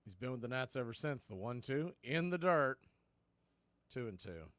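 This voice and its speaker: Male radio play-by-play caller, steady and chatty between pitches, mid-pitched voice, dry studio mic. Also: normal speed, no echo. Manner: steady conversational calling with asides. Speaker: play-by-play announcer.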